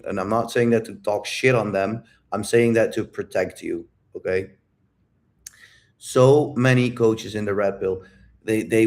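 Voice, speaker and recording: A man's voice: lowish voice, a little mellow. A man coaching on dating in a casual livestream Q&A, talking bluntly and with lots of swearing, repeating his key phrases and asking viewers directly if they follow.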